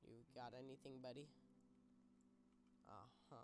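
Excitable young gamer with a lively voice. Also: female voice, extremely low pitch, normal speed, gravelly, long pauses. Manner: excitable, exclaims and narrates play to viewers. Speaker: gaming YouTuber. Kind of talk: gameplay commentary.

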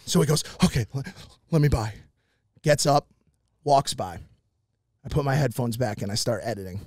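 A man on a podcast telling an animated story, swearing often and acting out what other people said. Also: a little high, no echo, clean studio sound. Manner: animated, swears a lot, acts out quotes. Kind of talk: animated storytelling, casual chat.

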